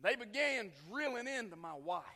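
A man preaching a sermon, telling an emotional story that swings from loud outbursts to hushed lines. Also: very high voice, expressive, moderate pace. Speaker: traveling preacher. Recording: long reverb of a hall.

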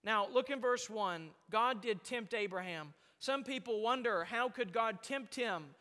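A man's voice: sits high, expressive, measured pace, pushed and bright. A man preaching a sermon to a congregation, emphatic and rising and falling in volume, heard in a church hall. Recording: long hall reverb.

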